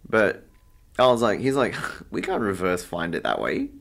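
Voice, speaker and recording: Young guy, lowish voice, rambling animated story, lots of "like" and "um". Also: normal speed, vocal fry. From Australia. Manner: animated storyteller, acts out quoted exchanges, lots of fillers. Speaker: interview guest, artist. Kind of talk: casual interview chat.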